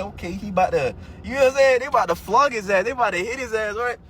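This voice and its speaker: Animated man telling a story. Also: high voice, fast talker, slight background noise. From Nigeria. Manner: animated, profane, slangy. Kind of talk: casual storytelling to camera.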